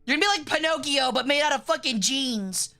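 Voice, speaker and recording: Young woman, casual stream chat, joking and swearing, a bit high-pitched, sharp and bright. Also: brisk, vocal fry. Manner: rambling, joking, swears freely.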